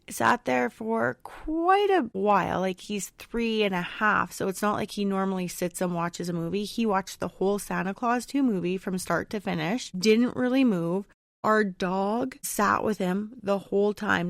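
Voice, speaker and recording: A woman's voice: lowish voice, vocal fry, dry recording, studio quality. A woman podcast host and mother chatting casually through a personal story, rambling with lots of fillers. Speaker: mother of a young child.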